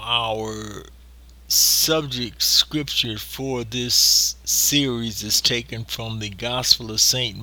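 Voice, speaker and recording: A man preaching a sermon, slow and deliberate, leaning on emphatic pauses. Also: medium pitch, pushed and bright.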